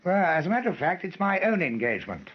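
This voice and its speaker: An actor playing an eccentric older aristocratic lord, genial and teasing on the telephone. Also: male voice, high-pitched, sing-song, fast, highs cut off. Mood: genteel. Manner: plummy, teasing, genteel.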